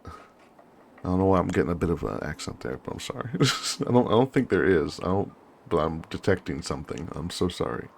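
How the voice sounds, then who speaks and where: Deep, gravelly man reading a game. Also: animated, slight background noise. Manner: slow, deliberate reading, apologetic chatty asides. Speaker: gamer. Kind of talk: reading a story game aloud with asides.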